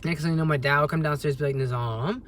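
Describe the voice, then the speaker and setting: A young man telling a story on a vlog as a rambling, agitated rant, with sudden loud jumps in pitch. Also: flat delivery, rapid-fire. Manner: rambling, with many restarts. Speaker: vlogger.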